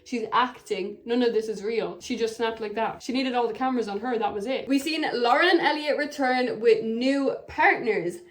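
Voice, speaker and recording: A woman's voice: on the high side, moderate pace, hardly any pauses. A young woman vlogging a casual, blunt, gossipy recap of a reality show. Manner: gossipy, blunt, dramatic about the cast.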